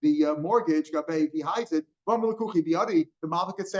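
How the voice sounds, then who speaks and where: An older man teaching Talmud line by line, his voice sitting a little higher than most men's. He explains step by step, sprinkles in Hebrew and Aramaic terms and keeps asking "right?" The recording is dull and lo-fi. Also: fairly quick. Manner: explanatory, checks in with frequent rhetorical "right?".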